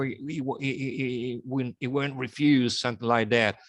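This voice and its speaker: A man's voice: mid-range voice, steady tone, normal speed, a bit bright, no echo, studio quality. A man with an Italian accent, talking in a casual online meeting, hesitant with many fillers and restarts. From Italy.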